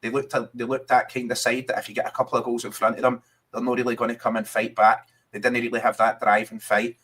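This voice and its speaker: Scottish man, podcast co-host, chatty and casual, mid pitch. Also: little pitch movement, fast, a bit bright, breathy edge. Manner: chatty, keeps saying mate. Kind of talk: casual football chat.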